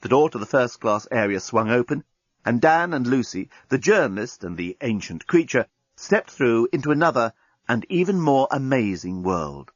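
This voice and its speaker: A man narrating a comic science-fiction audiobook in a lively storytelling manner, with a husky voice. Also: mid-range voice, normal speed, dry recording, muffled recording. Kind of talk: scripted narration.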